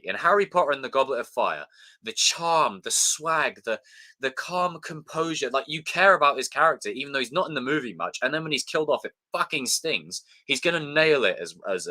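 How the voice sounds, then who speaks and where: A young man hosts a live stream in a bright, forceful voice, talking loosely and swearing freely. He runs through thanks to viewers by name in an easy, offhand chat. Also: medium pitch, sing-song, brisk. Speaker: livestream host.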